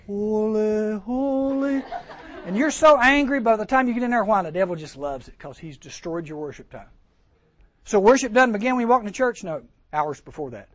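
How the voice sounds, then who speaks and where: A man preaching a sermon to teens, lively and joking, acting out voices and asking the crowd questions. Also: sits high, a little fast, dry recording. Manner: lively, acts out voices, jokes, rhetorical questions. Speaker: camp speaker.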